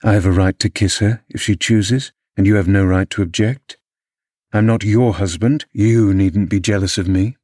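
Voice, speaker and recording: A man voicing a brooding, vengeful young man in an audiobook, surly and menacing. He growls his lines in a low, cold, deliberate voice, slowing down to make threats land. The recording is close and dry. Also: steady tone, darkish tone, dry recording, lightly acted. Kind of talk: audiobook character reading.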